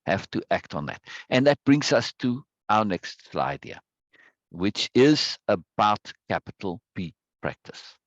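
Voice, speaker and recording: A man's voice: lowish voice, very animated, measured pace, dry recording, dull audio. A man teaching a live online self-help course, stressing points by repeating words and reading viewers' chat aloud. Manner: greets viewers by name from chat.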